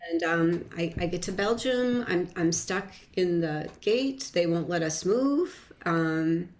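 A woman guest telling a personal story in a casual interview, halting and reflective, with frequent restarts and fillers. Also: on the low side, animated, darkish tone.

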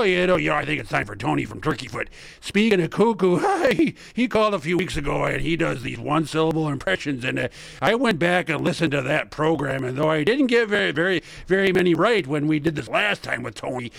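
Male host, gravelly fry, a bit high, loose rambling delivery, laughs often. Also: fairly bright tone, no echo. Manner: rambling, stammering, laughs a lot. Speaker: radio host. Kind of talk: radio show chat.

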